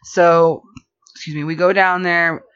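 A woman telling a rambling story in casual podcast chat, animated and full of fillers. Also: fairly low pitch, measured pace, clear, resonant tone. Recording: dull lo-fi podcast audio.

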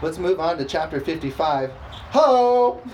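A man preaching a sermon, reading scripture slowly and emphatically and calling for responses from the congregation. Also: a little high, expressive, noisy background. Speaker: pastor.

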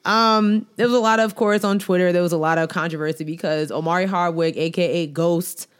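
A lower-pitched woman with co-hosts a casual chat. She teases her friend and leans into the playful moments, dragging out words when she makes a point. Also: steady tone, smooth. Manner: playful, teasing, drawn-out emphasis. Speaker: podcast co-host.

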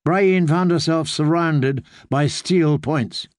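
This is a man narrating an audiobook, his medium-pitched voice measured and steady. The sound is clean studio audio with no room sound.

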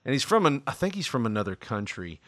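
Bright, animated male podcast host. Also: mid-range voice, fast talker, dry recording, studio quality. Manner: laughs often, animated storytelling. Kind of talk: casual chat.

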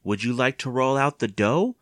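A man voicing a loud, teasing, deep-voiced old great-aunt in a storybook reading, with a booming, leering manner and a lively, swinging pitch. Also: normal speed, no room sound, studio quality, close to an everyday voice.

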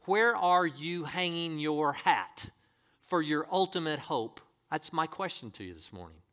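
A man's voice: on the high side, sharp tone. A man preaching a sermon as pastor, reading scripture and pressing the congregation with emphatic rhetorical questions.

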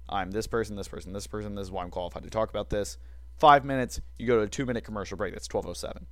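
A man's voice: on the low side, lively intonation, fast, dry recording. Opinionated man on sports talk. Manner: opinionated, wry, self-mocking asides. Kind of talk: casual sports debate.

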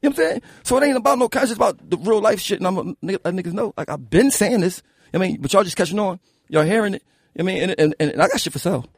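Husky fast-talking Philly rapper, a man. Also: high voice, no echo, studio quality. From Philadelphia. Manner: animated, profane, keeps asking "you know what I'm saying". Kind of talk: casual interview storytelling.

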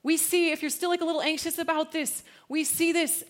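A woman in her thirties giving a casual, slangy church talk, laughing often and swinging from hushed to loud. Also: very high-pitched, flat delivery, fairly quick. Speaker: speaker at a church gathering.

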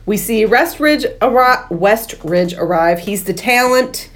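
A woman's voice: a little high, unhurried, a bit bright. A woman co-hosting a movie podcast, recapping the plot in casual chat with many fillers. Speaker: podcast co-host.

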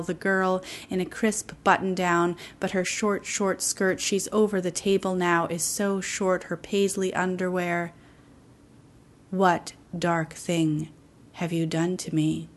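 A middle-aged woman giving a poetry reading in a slow, deliberate way with long pauses. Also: on the low side. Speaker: poet.

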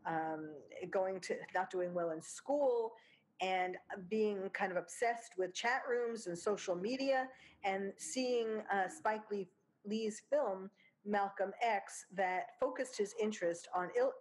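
A woman with a New York accent giving an unscripted spoken commentary, talking casually with many fillers and small laughs. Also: medium pitch. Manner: chatty, with frequent fillers and laughs. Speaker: commentator discussing a criminal case. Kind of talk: unscripted monologue.

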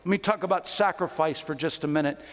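A man in his fifties delivers a sermon in a conversational, storytelling manner. His voice sits notably high for a man. The church sanctuary lends a long, trailing reverb. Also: fast talker. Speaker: preacher.

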